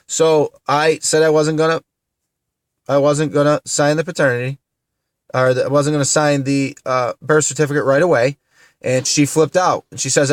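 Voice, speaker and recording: A man's voice: a little high, moderate pace, no echo. Man, thirties, upset vlog rant, close-miked dry sound, tearful, keeps repeating himself. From upstate New York. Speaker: vlogger. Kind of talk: emotional venting to camera.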